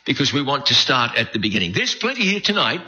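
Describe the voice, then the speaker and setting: A man's voice: mid-range voice, sing-song, quick pace, bright, forceful tone. A man in his fifties with a faded New Zealand accent, preaching a folksy, joking, self-deprecating sermon with frequent restarts. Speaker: preacher leading a Bible study series. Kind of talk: conversational sermon. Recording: dull lo-fi recording.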